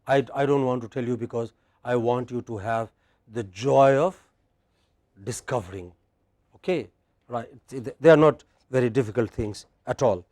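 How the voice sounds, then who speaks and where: In a classroom, a man with an Indian English accent leads a drill, loudly stressing each word for the class to repeat. His voice is medium-pitched at a normal speed.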